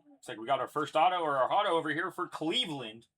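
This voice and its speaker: A man's voice: a little high, expressive, fast, pushed and bright. A young man casually announcing each card pulled as he hosts a live card break, chatty and upbeat. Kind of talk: live card-opening commentary.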